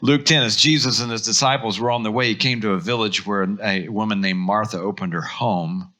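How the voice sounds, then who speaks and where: A pastor with an American accent preaching a sermon, telling stories with lively acted-out quotes. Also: male voice, on the low side, brisk. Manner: animated storytelling, acts out quotes.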